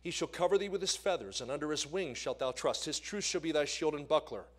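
Man, evangelist delivering a church sermon, lively swings from booming to hushed, slightly higher voice. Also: fast talker. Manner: animated, swings between loud emphasis and quiet asides. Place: church sanctuary.

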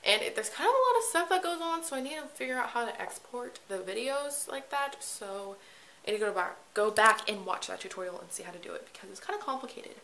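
A teenage girl vlogging casually at home, excitable and gushing, with lots of fillers, recorded on a camera mic. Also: on the high side, fast talker, creaky, slight background noise, poor audio. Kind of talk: casual vlog chat. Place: at home indoors.

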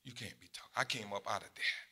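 Bright-voiced man in his sixties preaching. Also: fast, breathy edge. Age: 60s. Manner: swings from low, quiet asides to loud, high exclamations; conversational preaching with laughs and asides to the congregation. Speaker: pastor. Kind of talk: sermon.

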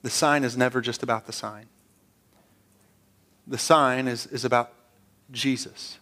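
A man's voice: mid-range voice, fairly even intonation, unhurried, sharp tone. A man preaching a sermon as pastor, earnest and conversational, often repeating words as he restarts.

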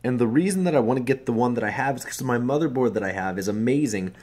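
A young man vlogging casually about his computer upgrade and daily routine, swearing freely and swinging between muttered asides and loud, upbeat advice. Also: medium pitch, expressive, quick pace. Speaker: vlogger and streamer. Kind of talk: casual vlog.

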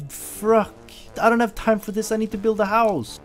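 A man doing excitable let's play commentary, yelping when startled. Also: sits high, moderate pace, hardly any pauses, soft background music. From Sweden. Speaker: gameplay commentator.

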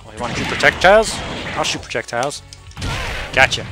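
A man giving excitable, playful commentary on his own fighting-game play, yelling at opponents and laughing often. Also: on the high side, quick pace, long pauses. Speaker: gaming streamer. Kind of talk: live gameplay commentary. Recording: game music playing behind the voice.

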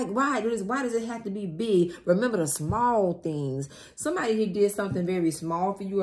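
A woman giving a tarot reading who acts out the other person's side in a dramatic, slangy, animated way, with shrieks of excitement. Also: medium pitch. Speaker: tarot reader. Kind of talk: tarot reading acting out the querent's partner.

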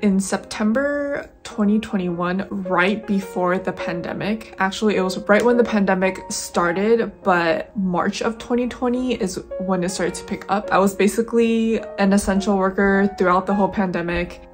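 A woman's voice: medium pitch, moderate pace, few pauses, reverberant, far from the mic. A woman in her twenties talking casually to camera in a candid, chatty and slightly anxious way. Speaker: vlogger. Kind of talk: casual vlog talk to camera. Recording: music playing underneath.

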